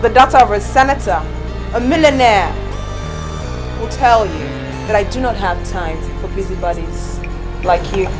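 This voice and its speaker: An actress with a Nigerian accent playing a proud, defiant senator's daughter and young wife. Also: female voice, mid-range voice, moderate pace, lightly acted. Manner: defiant, haughty. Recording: echoey room with film music.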